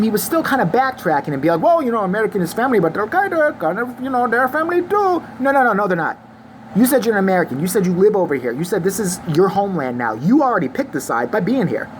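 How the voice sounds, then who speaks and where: Woman vlogger, low-ish voice, lively and furious, crude sarcastic rant, faint noise. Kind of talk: profane opinion rant to camera.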